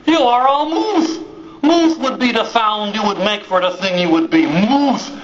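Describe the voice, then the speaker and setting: A man's voice: high voice, animated, normal speed, a little hiss or hum. A man voicing a confident, friendly male moose who speaks in hearty broken English. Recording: roomy, dull live recording.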